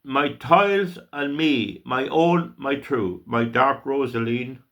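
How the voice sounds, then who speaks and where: An older man from Ireland with a gravelly voice, reading verse aloud with deep feeling. He speaks slowly and deliberately, drawing each phrase out. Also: fairly bright tone. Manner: slow, emotional, declaiming with long drawn-out phrases. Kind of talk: dramatic poetry recitation.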